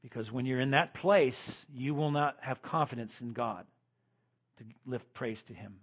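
A man preaching a sermon as pastor, swinging between loud emphatic lines and quiet ones. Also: medium pitch, normal speed, breathy edge, phone-quality sound.

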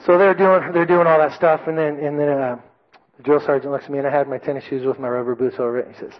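A man preaching a sermon to a congregation, telling a personal story with lively, self-mocking delivery and loud acted-out voices. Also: a little high, quick pace. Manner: animated storytelling, shouting quoted drill sergeant. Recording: dull lo-fi recording.

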